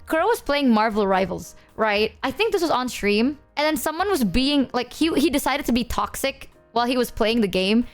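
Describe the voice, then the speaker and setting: A woman's voice: fairly high pitch, lively intonation, moderate pace, few pauses, soft background music. A young adult woman streamer rambling through game stories with slang and swearing. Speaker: VTuber streamer. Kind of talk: casual storytelling about games.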